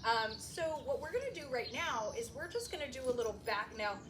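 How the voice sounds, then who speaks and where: A woman dog trainer explaining puppy recall in a chatty, upbeat way, breaking into a high excited sing-song when she calls the puppy. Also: a little fast, noisy background. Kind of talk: casual training tutorial. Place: indoor training space with puppies.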